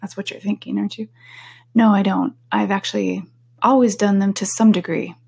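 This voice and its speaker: A woman hosting a casual solo podcast, talking candidly and sometimes dropping into a soft whisper. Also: medium pitch, fairly even intonation, normal speed, gravelly, breathy edge. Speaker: podcast host.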